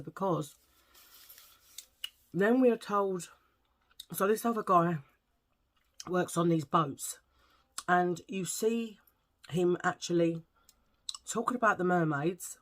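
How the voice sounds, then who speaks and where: A woman's voice: lowish voice, fairly bright tone. A middle-aged woman, telling a rambling story in a casual vlog chat and searching for words as she goes. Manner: rambling, chatty, searches for words, eats while talking. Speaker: vlogger.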